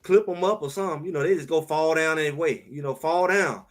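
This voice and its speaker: A man co-hosting a sports talk show in casual, emphatic chat, trash-talking and animated. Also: fairly high pitch, fast talker, soft background music.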